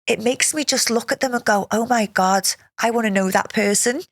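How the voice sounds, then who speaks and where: A woman hosting a podcast interview, effusive and chatty, laughing often and thinking out loud. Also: fairly high pitch, normal speed, dry recording, clean studio sound. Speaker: podcast host. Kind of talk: casual interview chat.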